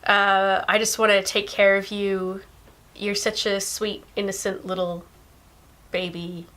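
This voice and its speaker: A woman's voice: medium pitch, level tone, measured pace, fairly bright tone, pitched above the performer's own voice, natural voice. A woman mimicking a condescending man who coos at a woman as if she were a child. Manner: syrupy, condescending. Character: patronizing man cooing at a woman.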